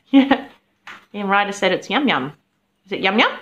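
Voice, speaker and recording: A young woman chatting casually to her pet parrots, cooing and doting, often laughing softly as she films them. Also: medium pitch, lively intonation, normal speed, highs cut off. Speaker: vlogger and pet bird owner.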